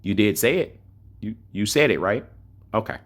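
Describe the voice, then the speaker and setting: A man's voice: on the low side, animated, moderate pace. Man ranting mockingly about a game rival. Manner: mocking, profane, repeats points for emphasis. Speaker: game streamer. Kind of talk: heated rant over game messages.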